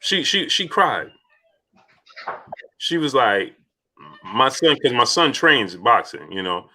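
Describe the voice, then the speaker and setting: A man hosting a casual live-stream chat, asking rhetorical questions and shouting out viewers by name. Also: medium pitch, sing-song, takes it slowly. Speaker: host.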